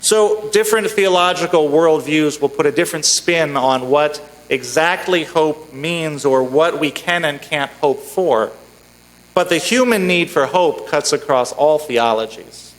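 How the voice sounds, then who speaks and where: Guy preaching a sunday sermon, tells a joke in a slow storytelling way, kinda high voice. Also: rough recording. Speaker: minister. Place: church sanctuary.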